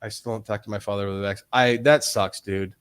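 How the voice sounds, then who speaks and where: A man's voice: on the low side, fairly even intonation, quick pace, smooth. A man in his forties on a casual livestream, talking in long rambling runs with many restarts and frequent swearing. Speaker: stream host.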